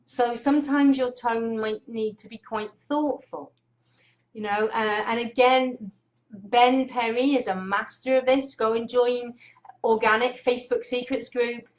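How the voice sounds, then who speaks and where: Energetic woman host coaching on camera; bright, excitable delivery, lo-fi webcam audio. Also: a little high, measured pace. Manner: excitable, energetic, greets viewers by name. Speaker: Facebook Live host and speaking coach. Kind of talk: casual live-stream coaching talk. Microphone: webcam clipped on monitor.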